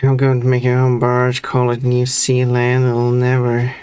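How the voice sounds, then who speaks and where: Very deep-voiced woman with dry quips. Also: completely flat delivery, unhurried, dark tone, smooth, soft background music. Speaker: co-streamer on a call. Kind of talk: casual chat on a live stream.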